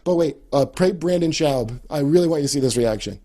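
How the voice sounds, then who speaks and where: A man's voice: on the high side, animated, brisk, dark tone. A man talking casually on a podcast, rambling and swearing as he laughs at his own jokes. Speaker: comedian guest.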